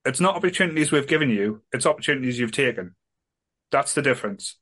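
A man's voice: medium pitch, animated, quick pace, a bit bright. A man co-hosting a casual group chat, rambling, restarting and swearing a lot. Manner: rambling, repeats himself, swears. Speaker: co-host.

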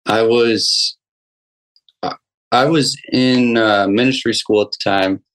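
A young man, a guest musician, telling a personal story in a casual interview, halting with many restarts and fillers. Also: mid-range voice, fairly even intonation, a bit bright, poor audio.

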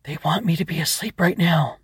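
A man's voice: on the high side, lively intonation, moderate pace, darkish tone, slightly rough, no echo, clean studio sound, voice pushed up. A man voicing a restless young girl at bedtime in a children's story, in a small, raised, earnest voice.

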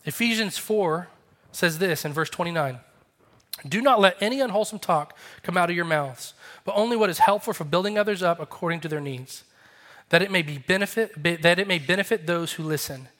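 Bright-voiced pastor preaching earnestly. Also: male voice, sits high, fairly quick. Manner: earnest, confessional, acts out quoted voices. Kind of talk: sermon.

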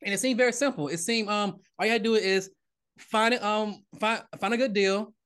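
A man with a notably high voice talking at a quick clip as a guest on a podcast. He tells his story in an animated, casual way, repeating and restarting words as his thoughts race ahead. He sounds like an everyday father chatting openly. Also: clear, resonant tone. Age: adult, married father. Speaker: podcast guest, real estate investor.

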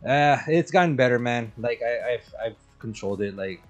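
A man's voice: mid-range voice, animated, moderate pace, faint music behind. A man co-hosting a casual podcast, talking in a laid-back, reflective way with a lot of "like" and "man". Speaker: podcast co-host. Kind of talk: casual chat.

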